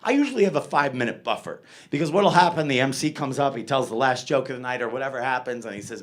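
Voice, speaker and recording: A man's voice: medium pitch, huge pitch swings, quick pace, fairly bright tone. A middle-aged man doing a stand-up set, rambling and profane, laughing at his own jokes. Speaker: stand-up comedian.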